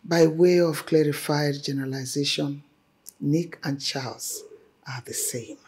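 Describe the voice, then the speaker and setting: A woman's voice: deep voice, fairly even intonation, unhurried, a little mellow, husky, full character voice. A middle-aged woman playing a stern, domineering mother who lectures firmly in formal wording.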